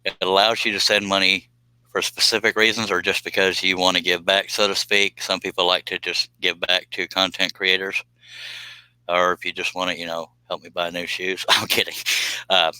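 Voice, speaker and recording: A man hosts a late-night live stream in a loose, rambling way, cracking jokes and chuckling at them. His voice sits very low yet comes across sharp and forceful. The sound is dry and close. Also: little pitch movement, moderate pace, smooth, dry recording, low-quality recording. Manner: joking, rambling, laughs at his own jokes. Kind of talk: casual live stream chat, reading viewer comments.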